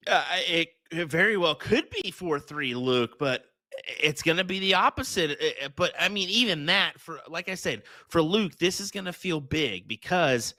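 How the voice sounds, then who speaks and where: A male darts commentator with a slightly high, bright, forceful voice. He talks through the match in an upbeat, chatty way, often restarting his sentences. The sound is dry and close. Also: dry recording. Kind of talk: live sports commentary.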